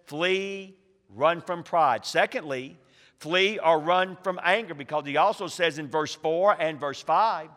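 A man preaching a sermon as a pastor, slowing down to stress words and swinging between quiet and loud. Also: fairly high pitch. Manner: emphatic preaching with slow, stressed phrases and swings in volume. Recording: reverberant hall.

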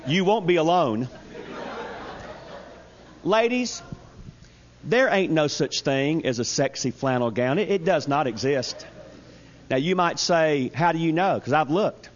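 A man's voice: a little high, takes it slowly, long pauses. A man preaching a humorous, storytelling sermon to a church congregation. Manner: storytelling, folksy, animated. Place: church service. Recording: dull lo-fi sound.

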